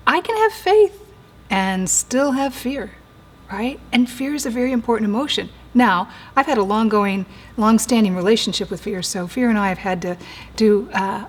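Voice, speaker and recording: A woman in her forties or older, a therapist giving an earnest teaching talk, slowing down and dropping to a soft whisper for emphasis. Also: fairly high pitch, expressive. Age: 40s or older.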